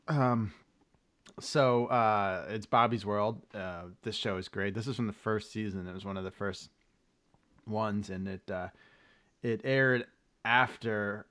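A man's voice: on the low side, fairly bright tone. A man co-hosting a podcast, rambling casually through a recap with loose swearing. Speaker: podcast co-host. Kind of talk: casual chat.

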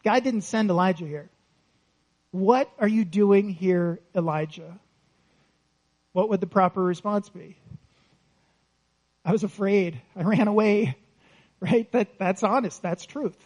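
Conversational male preacher with a high voice. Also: unhurried, long pauses, a little mellow, poor audio. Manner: conversational, asks the congregation questions; laughs lightly between points. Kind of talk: sermon.

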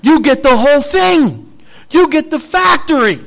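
A male preacher voicing a grand, curt male chocolate factory owner in a clipped, lofty manner, pitching his voice up and bursting into loud lines. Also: sing-song, moderate pace. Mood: jubilant.

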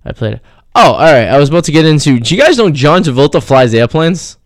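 A man's voice: a little high, animated, fast, dry recording. A man hosting a comedy show, rambling through a monologue and talking straight to his listeners. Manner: rambling, loses his train of thought, addresses listeners. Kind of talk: stand-up style monologue.

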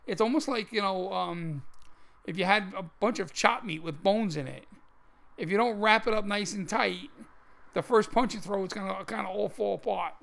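A man co-hosts a casual martial arts talk show. His voice sits high and carries a heavy gravelly fry. He explains things emphatically, often repeating words as he goes. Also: moderate pace, a bit bright. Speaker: podcast co-host.

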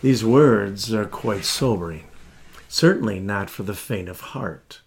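A man preaching as a pastor in a sermon, speaking earnestly and from the heart, with deliberate pauses. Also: lowish voice, a little hiss or hum.

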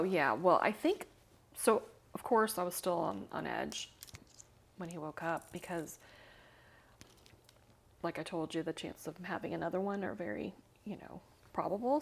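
Gravelly middle-aged woman telling her story. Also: fairly low pitch, moderate pace, long pauses, slight background noise. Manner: candid, many "you know" and "like" fillers, drops to whispers. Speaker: interview guest. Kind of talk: emotional personal storytelling.

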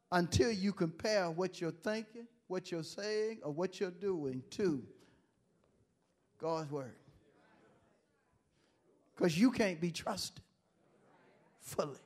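A man. He drops into low, conversational asides, then climbs to loud, emphatic call-and-response lines that invite the congregation to answer. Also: expressive, slow pace, pauses often. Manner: call-and-response preaching, rising to emphatic shouts. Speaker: pastor. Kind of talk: sermon.

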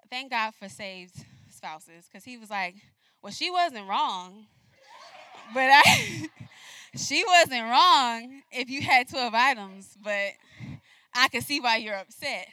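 Bright animated woman telling a story. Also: a little high, slow pace, dry recording. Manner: animated, acts out dialogue with laughs. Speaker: speaker giving a message. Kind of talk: storytelling sermon.

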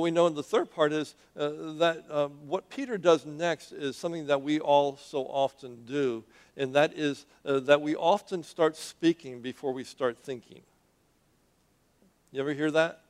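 A man preaching a sermon in a church, telling the story in an animated, conversational way and asking his audience questions. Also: fairly high pitch.

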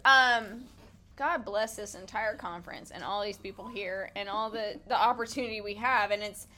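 A woman's voice: medium pitch, normal speed, sharp tone, slight background noise. A middle-aged woman, a pediatrician, sharing a heartfelt and at times tearful casual reflection with a group. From United States. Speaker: pediatrician and podcast guest.

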